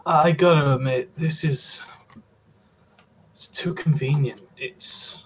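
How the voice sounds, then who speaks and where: A man's voice: fairly high pitch, slow, slightly rough. A man playing in a tabletop game, stammering through his turns with many fillers. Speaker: player. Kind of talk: tabletop role-play. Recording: dull lo-fi mic with faint noise.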